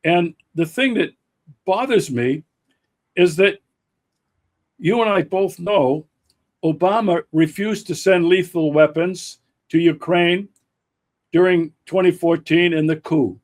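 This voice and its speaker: A man hosting a political talk show, speaking slowly and emphatically with frequent fillers and restarts. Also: high-pitched. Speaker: podcast host. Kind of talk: political commentary chat.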